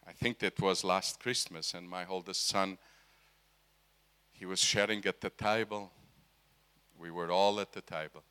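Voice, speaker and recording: Man, middle-aged, preacher, slow, forceful bright voice, questions the audience. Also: low voice, clean tone. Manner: asks the audience questions, emphatic. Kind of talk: sermon.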